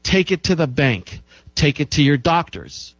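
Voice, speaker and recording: A man with a somewhat high voice gives an emphatic health-talk monologue, driving points home by repeating them. The sound is dull and lo-fi, with a dry, close feel and no room echo. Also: very animated, measured pace. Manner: emphatic, repeats key phrases for effect. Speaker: show host.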